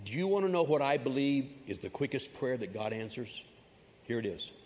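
A man's voice: medium pitch, animated, a little fast, darkish tone. A man preaching a sermon as pastor, emphatic and folksy, repeating his key phrases and adding humorous asides. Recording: long reverb of a large hall.

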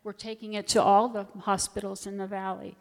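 A woman's voice: medium pitch, flat delivery, fairly quick, darkish tone. A middle-aged woman, a volunteer hospital chaplain, sharing a heartfelt testimony in church. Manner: earnest, heartfelt storytelling. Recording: long church reverb.

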